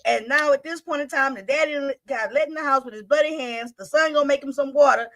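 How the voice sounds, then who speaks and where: A woman's voice: high voice, quick pace, a bit bright. A woman hosting a storytime video, recapping a clip in blunt, profane, incredulous casual commentary.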